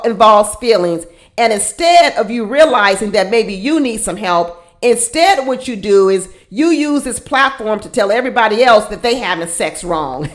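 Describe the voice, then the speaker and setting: A woman hosting a casual reality show recap, blunt and sassy, often repeating her points for emphasis. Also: on the high side.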